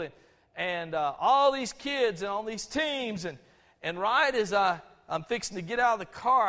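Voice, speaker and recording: A middle-aged Southern man from Georgia delivers a folksy, storytelling sermon, stumbling through restarts as he talks. His voice sits high for a man. His words ring out with a long echo across a church sanctuary. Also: a bit bright. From Albany, Georgia, USA. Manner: folksy, conversational, with frequent restarts. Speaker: pastor.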